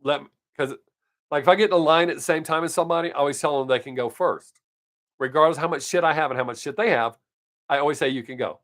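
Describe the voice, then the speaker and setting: A man's voice: on the high side, quick pace, fairly bright tone. A middle-aged man hosting his live stream, telling everyday stories in a casual, blunt way with swearing and frequent chuckles. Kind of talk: casual storytelling chat.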